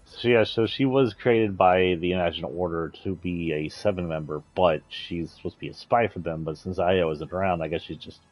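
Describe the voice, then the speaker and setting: A man's voice: sits low, fairly quick, few pauses, a little mellow, no echo. A man streaming a video game, chatting casually in an offhand, rambling way and swearing now and then. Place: indoors, playing a video game.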